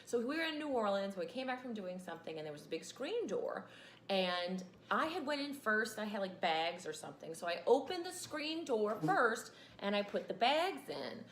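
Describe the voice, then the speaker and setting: A woman's voice: medium pitch, very animated, moderate pace, fairly bright tone, roomy sound, slight background noise. A woman, teaching a casual class and rambling into chatty asides.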